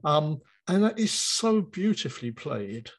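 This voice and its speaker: A man's voice: a little high, sing-song, measured pace, low-quality recording. A man, a writer and podcast guest, speaking thoughtfully and repeating key phrases. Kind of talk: interview conversation.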